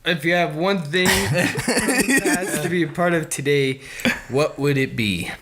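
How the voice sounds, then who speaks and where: A man's voice: on the high side, lively intonation, measured pace, fairly bright tone, slight background noise. A man who is a podcast guest in casual chat, hesitant at first and cracking quips.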